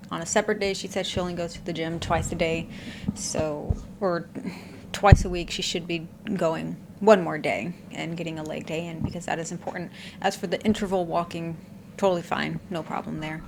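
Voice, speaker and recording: A woman's voice: lowish voice, steady tone, normal speed, gravelly, background noise. A woman hosting a reaction channel, giving blunt, candid commentary and swearing offhand.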